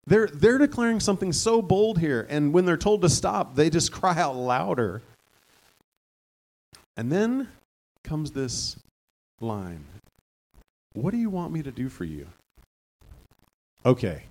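A man's voice: on the high side, big pitch swings, a little slow, a little mellow. Man preaching a conversational sermon. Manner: conversational, rising to fervent emphasis. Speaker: pastor.

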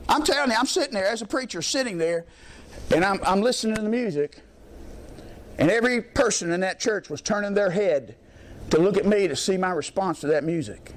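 High-voiced folksy preacher man. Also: animated, fairly quick, slight background noise. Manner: folksy, emphatic storytelling with repetition. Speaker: pastor. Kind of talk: sermon.

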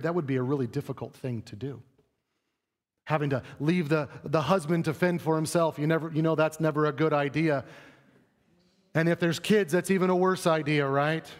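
A man's voice: fairly high pitch, big-room sound. A middle-aged male pastor preaching a sermon in a conversational way, acting out quoted voices. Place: church sanctuary stage.

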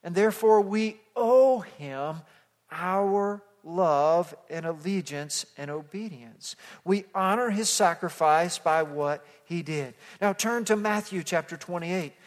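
A man preaching an expository sermon as pastor, moving from hushed passages to loud emphatic calls that the congregation repeats. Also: high voice, slow pace. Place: church sanctuary. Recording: long hall reverb.

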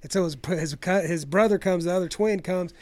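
A man talking in a casual chat, rambling and swearing as he tells long animated stories. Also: high voice, fairly quick, no echo. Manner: profane, rambling, animated storyteller.

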